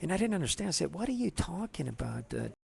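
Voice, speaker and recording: A man tells a personal story to someone he speaks to directly, rambling and halting with many restarts and fillers. His voice is high-pitched and sing-song, creaky, with a darkish tone.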